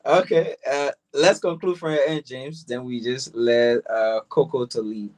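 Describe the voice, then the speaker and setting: A man's voice: mid-range voice, fairly even intonation, a little slow, a little mellow, low-quality recording. A man from Liberia with a Liberian English accent, hosting a talk show in a friendly, teasing way and often repeating his words. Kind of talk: casual interview chat.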